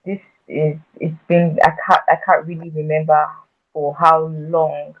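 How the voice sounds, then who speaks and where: Tinny-sounding woman, halting and earnest. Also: low-pitched, level tone. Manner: halting, with frequent restarts and repeated words; earnest and emotional when recounting her past. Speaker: guest. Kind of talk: personal storytelling in a conversation. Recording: tinny phone-like audio.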